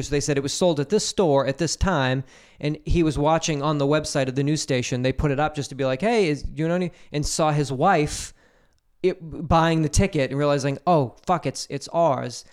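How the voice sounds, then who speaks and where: A man co-hosting a loose podcast conversation, spinning stories with lots of energy and acting out the voices of the people in them. His voice sits a bit high for a man and sounds smooth and clean. He swears casually as he talks. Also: a little fast. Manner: animated storyteller, swears freely, acts out quoted voices. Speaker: podcast co-host. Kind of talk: casual chat.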